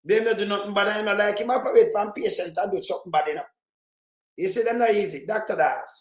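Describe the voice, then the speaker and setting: Jamaican male commentator, high voice, animated and rambling, roomy echo. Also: quick pace. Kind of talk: casual commentary in patois.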